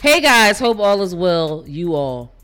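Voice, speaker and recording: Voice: medium pitch, a little slow, faint music behind. A podcast co-host in casual chat who laughs often and reads a listener letter aloud. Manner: giggly, expressive.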